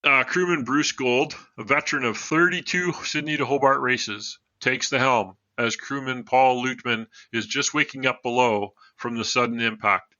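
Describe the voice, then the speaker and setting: A man's voice: medium pitch, normal speed, few pauses, pushed and bright, no echo, highs cut off. A man telling a true story as a podcast guest, reading from notes and adding casual asides.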